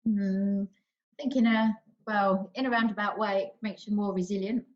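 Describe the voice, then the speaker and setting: East woman, panel guest, level, unhurried and reflective, slightly muffled line. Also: mid-range voice, steady tone. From east London. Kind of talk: casual panel discussion. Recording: dull lo-fi sound.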